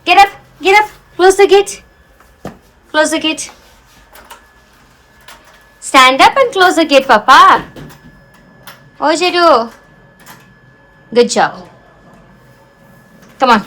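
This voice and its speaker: Young mother-vlogger, Indian English accent, high pitch, chatty and coaxing, phone-recorded at home. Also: expressive, takes it slowly, long pauses, bright, forceful tone, rough recording. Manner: chatty, coaxing her toddler, asides to viewers. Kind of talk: casual home vlog.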